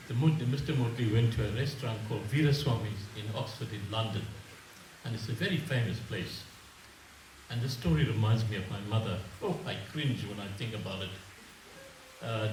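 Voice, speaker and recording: An older man from South Africa spins a funny anecdote for the wedding guests. His voice sits at an ordinary pitch, caught at a distance in a reverberant hall with a faint hum of room noise. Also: a little mellow. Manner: storytelling, humorous, reflective. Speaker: wedding reception speaker, family elder. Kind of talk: after-dinner speech with anecdotes. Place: reception hall. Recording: echoey hall, mic from far off.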